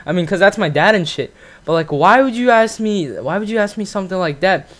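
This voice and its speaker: Teen boy, channel host, cursing, rambling, filler-heavy, higher-pitched voice. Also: animated, a little fast, a bit bright. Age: teenager. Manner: profane, ranting, lots of fillers. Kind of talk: casual storytelling commentary.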